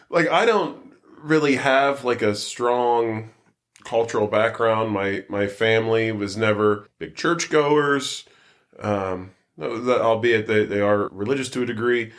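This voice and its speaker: A man's voice: on the low side, moderate pace. A man co-hosting a podcast in casual chat, easygoing and self-deprecating, laughing often. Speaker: podcast co-host. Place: basement.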